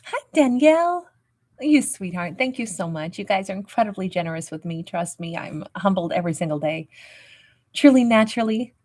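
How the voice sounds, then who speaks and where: A woman's voice: mid-range voice, animated, a little fast, a little mellow. A woman hosting a livestream tarot reading, talking in a peppy, emphatic way and greeting viewers with endearments. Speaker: tarot reader and livestream host.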